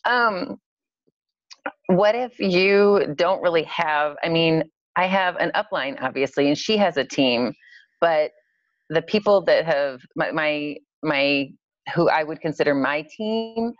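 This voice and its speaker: Low-voiced woman caller, hesitant, near tears, dull dry call audio. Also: expressive, takes it slowly, dry recording. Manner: hesitant, lots of fillers, close to tears.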